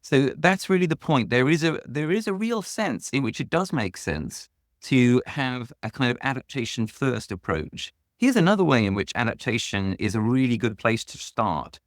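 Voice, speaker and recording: A man's voice: mid-range voice, big pitch swings, moderate pace, no echo, studio quality. A man answering as a guest author on a podcast, earnest and emphatic, leaning hard on key words.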